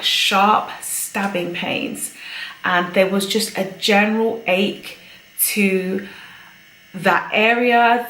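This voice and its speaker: A woman's voice: fairly low pitch, a bit bright, roomy sound, a little hiss or hum, rough recording. A chatty woman giving a pregnancy update on her vlog, a little out of breath and laughing often. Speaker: vlogger.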